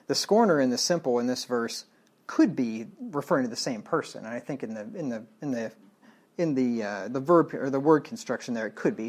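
A man's voice: medium pitch, animated, fairly quick. A man preaching through a Bible book verse by verse, blunt and plain-spoken, reading the old wording and explaining it in everyday talk. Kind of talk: verse-by-verse sermon.

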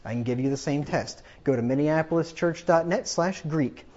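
Combative high-voiced preacher, lo-fi. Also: male voice, moderate pace, a little mellow. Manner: combative, sarcastic, rising to emphatic peaks. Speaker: pastor. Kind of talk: sermon.

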